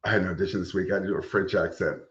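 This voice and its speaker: A man co-hosting a podcast in casual chat, full of quick jokey interjections. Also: low-pitched, steady tone, a bit bright. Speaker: podcast co-host. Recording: echoey room, dull lo-fi sound.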